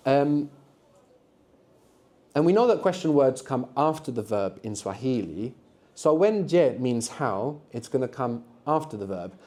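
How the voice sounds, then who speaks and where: Mellow-voiced man teaching a language class. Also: mid-range voice, lively intonation, unhurried. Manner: patient, encouraging, explains step by step. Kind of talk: live classroom workshop teaching. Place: university classroom.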